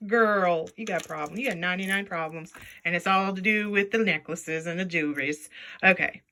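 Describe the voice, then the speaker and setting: A woman's voice: on the low side, fairly quick, bright, forceful tone, a little hiss or hum. A woman chatting casually as she sorts jewelry, playful and talkative, often talking to the pieces in silly voices. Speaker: jewelry reseller vlogger. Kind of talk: casual chat while sorting jewelry.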